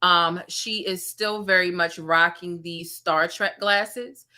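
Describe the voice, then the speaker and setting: Sassy, bright-voiced woman gossip host. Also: fairly low pitch, slow. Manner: sassy, animated, talks straight to viewers. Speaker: commentary channel host. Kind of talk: casual gossip commentary.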